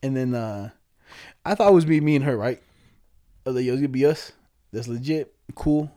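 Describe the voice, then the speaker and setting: A man's voice: mid-range voice, a little fast, mellow. A young man chatting casually with a friend, telling stories in heavy slang and laughing often. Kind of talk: casual chat between friends.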